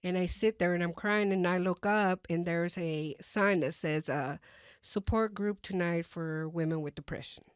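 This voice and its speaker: Low-voiced woman telling her testimony. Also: moderate pace, clear, resonant tone, no echo, clean studio sound. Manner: hesitant, many fillers and restarts, softly re-enacts her own thoughts. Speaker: guest sharing her testimony. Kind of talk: personal testimony in conversation.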